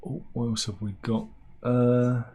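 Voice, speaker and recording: A man's voice: mid-range voice, level tone, measured pace, warm tone, highs cut off. A man giving rambling, sarcastic comic commentary on news stories, with mock-serious asides. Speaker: satirical news vlogger.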